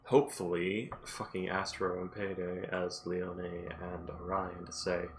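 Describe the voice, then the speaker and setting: Gravelly deep-voiced man, rambling. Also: level tone, normal speed, a little hiss or hum. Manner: rambling, swears casually, laughs often. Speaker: player. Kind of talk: casual tabletop game chat.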